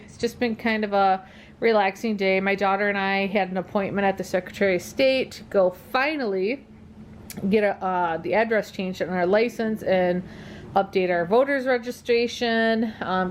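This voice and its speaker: A woman's voice: mid-range voice, a little hiss or hum. A middle-aged woman talking casually to her viewers, tired and yawning, chatty and rambling with many ums. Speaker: dog channel vlogger. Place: at home.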